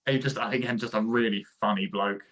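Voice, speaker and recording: Young man, lowish voice, relaxed podcast banter, easygoing. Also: a little fast, slight background noise. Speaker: podcast co-host. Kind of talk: casual chat.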